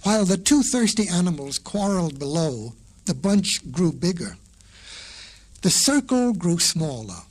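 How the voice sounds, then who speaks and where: Storybook narrator, man, high husky voice, slow and folksy, talks to kids. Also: big pitch swings. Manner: folksy, addresses children. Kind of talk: storybook record narration for children.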